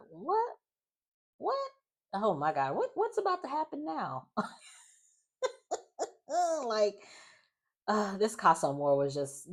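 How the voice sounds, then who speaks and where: Low-voiced chatty woman recapping a show. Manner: chatty, heavy use of "like", animated quoted voices. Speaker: recap vlogger. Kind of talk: casual reality TV recap.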